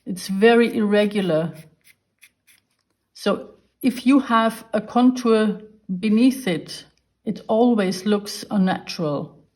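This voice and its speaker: An art teacher leads a beginners' drawing lesson, speaking slowly and patiently as she explains each step while sketching. Her voice has an ordinary middle pitch and a somewhat dark tone.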